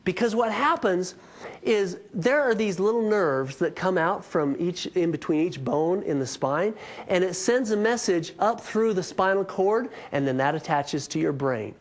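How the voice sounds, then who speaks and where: Animated man telling a funny story. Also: high voice. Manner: animated, self-mocking humor. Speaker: chiropractor giving a health workshop. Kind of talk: humorous storytelling talk.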